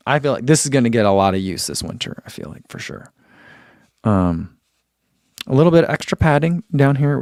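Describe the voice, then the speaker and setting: A young man in easy, rambling livestream chat, his voice sitting at an ordinary middle pitch. The sound is dry and close, with no room around it. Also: darkish tone, no echo. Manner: easygoing, rambling, reads chat comments aloud. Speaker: running channel host.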